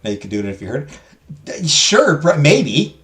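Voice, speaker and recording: A man's voice: a little high, very animated, moderate pace, a bit bright, soft background music. A man giving casual gameplay commentary, rambling and stammering, swearing and mocking himself. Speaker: gaming streamer.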